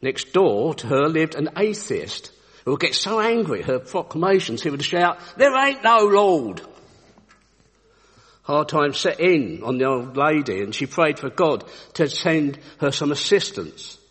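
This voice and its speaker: A man's voice: fairly high pitch, expressive, normal speed, a bit bright, slightly rough. A man giving a Christian devotional talk, telling anecdotes in an earnest storytelling way, with a long echoey reverb on the recording. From United Kingdom. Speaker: Christian speaker.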